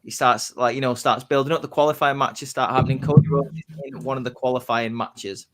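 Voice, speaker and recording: A man on a casual podcast, telling his predicted wrestling storyline like excited play-by-play. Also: mid-range voice, a little fast. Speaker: podcast host.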